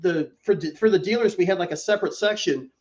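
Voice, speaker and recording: A man with a high voice talks quickly through a casual story, animated and quick to swear. His voice comes over a dull, lo-fi line.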